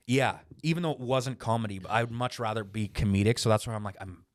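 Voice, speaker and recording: Guy, kinda low voice, animated, laughing through his stories. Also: fast talker. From Canada. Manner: animated storyteller, acts out quotes and laughs. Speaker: guest comedian and actor. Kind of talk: casual podcast chat.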